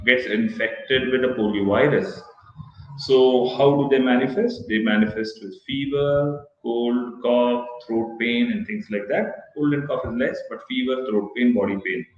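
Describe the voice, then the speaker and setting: A male pediatrician, explaining vaccines to parents in a halting, explanatory way during an online workshop. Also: mid-range voice, slight background noise. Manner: explanatory, halting with self-corrections. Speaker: pediatrician answering parents' questions. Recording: echoey, dull lo-fi call audio.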